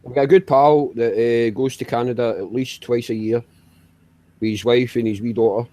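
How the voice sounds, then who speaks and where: A man chats in an easygoing way at a middle pitch. He hesitates often, repeating words before he finds the thread. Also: fairly even intonation, moderate pace, dark tone, no room sound. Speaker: chat participant. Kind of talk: casual chat.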